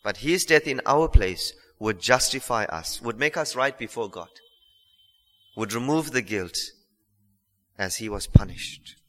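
A man preaching a sermon, earnest and emphatic, repeating phrases and slowing down on key lines. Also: mid-range voice, expressive, fairly bright tone. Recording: long hall reverb.

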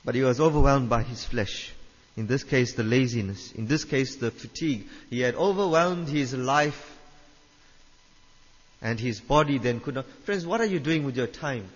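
A man's voice: mid-range voice, normal speed, breathy edge. A man preaching a sermon, emphatic, repeating his phrases and putting questions to the listeners. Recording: dull reverberant hall sound.

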